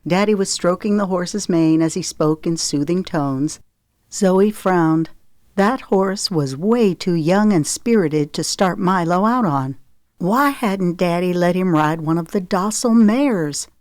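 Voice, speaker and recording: A woman narrating an audiobook in a measured, expressive reading voice. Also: fairly low pitch, no echo, clean studio sound.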